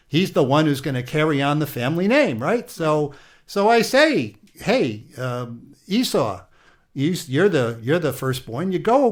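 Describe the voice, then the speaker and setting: A man playing the aging patriarch Isaac, an aggrieved older man telling his story with a Yiddish-inflected accent and old-world exclamations. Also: a little high. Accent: Yiddish-inflected English. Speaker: interviewee. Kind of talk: comedic improvised interview.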